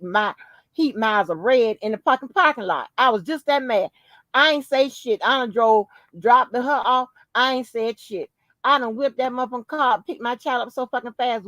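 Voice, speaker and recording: A woman podcast host tells a story in a casual chat, swearing a lot and hitting her points hard with animated emphasis. Her voice is on the high side, and the recording is rough with no echo.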